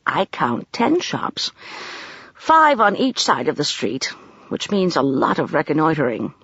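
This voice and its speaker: A woman's voice: sits low, huge pitch swings, a little slow, fairly bright tone, breathy edge, no room sound, highs cut off, exaggerated voice. Narrator voicing a polite, anxious older woman. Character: older woman amateur spy, gentle. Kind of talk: audiobook character reading.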